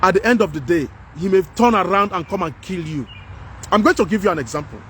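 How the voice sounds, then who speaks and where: High-voiced Nigerian man lecturing emphatically. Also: expressive, fast talker, a bit bright, slight background noise. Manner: preachy, repetitive, emphatic. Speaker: commentator. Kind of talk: impassioned monologue.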